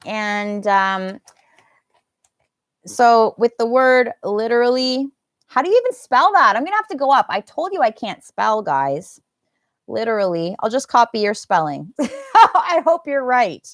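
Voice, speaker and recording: A woman's voice: on the high side, very animated, moderate pace, no room sound, clean studio sound. A woman with an American accent teaching a live English lesson, enunciating words carefully and slipping into Indonesian phrases. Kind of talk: live online language lesson.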